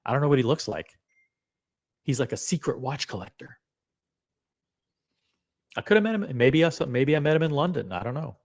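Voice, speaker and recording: Rambling excitable male live-stream host. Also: mid-range voice, normal speed, long pauses. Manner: excitable, swearing, rambling with fillers. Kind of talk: casual live-stream chat.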